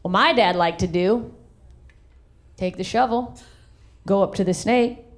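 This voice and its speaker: A woman from the American South doing a live stand-up comedy set on a handheld stage mic, brash, swinging her voice high and low for punchlines. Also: measured pace. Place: live comedy venue with audience. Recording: live show with crowd laughter. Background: audience laughter.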